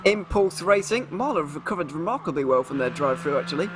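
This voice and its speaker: A man commentating a live sim race, chatty and quick to laugh. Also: fairly high pitch, lively intonation. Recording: background noise under commentary.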